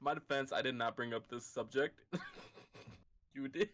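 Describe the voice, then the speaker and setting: Male co-host, mid-pitched, laughs through his stories, self-mocking. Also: normal speed, fairly bright tone. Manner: giggly, self-deprecating. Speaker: podcast co-host. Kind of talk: casual chat.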